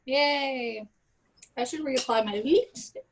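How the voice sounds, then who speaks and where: A woman's voice: sits high, takes it slowly, slight background noise. A young woman chatting with friends over a video call, rambling through casual asides. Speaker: cast member.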